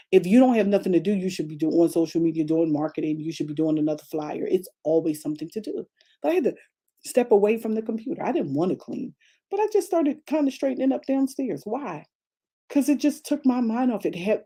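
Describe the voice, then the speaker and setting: A woman pastor delivering an energetic motivational message with a mellow, darker tone and a slightly husky edge. She drives her points home by repeating phrases and asking her listeners rhetorical questions. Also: mid-range voice. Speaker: pastor and coach. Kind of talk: motivational faith talk.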